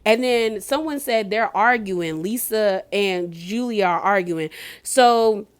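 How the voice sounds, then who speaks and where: A woman recapping a reality show episode in a casual, slangy, animated way, full of "like" and "girl". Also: mid-range voice, slow, clear, resonant tone.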